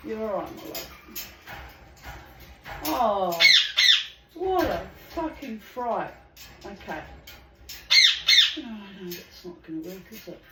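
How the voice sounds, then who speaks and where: Slow-talking woman reading at home. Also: medium pitch, animated, reverberant, very noisy. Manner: frank and earthy, swears freely. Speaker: channel host reading aloud. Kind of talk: casual reading aloud at home. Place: home with pet birds.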